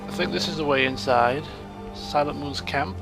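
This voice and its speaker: A man narrating his game as he plays, chatty and self-mocking, with a voice pitched a little on the high side. His tone carries a gravelly edge. Game music plays clearly underneath. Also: moderate pace. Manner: chatty and self-mocking, excitable during fights. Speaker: let's play gamer. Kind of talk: casual game commentary.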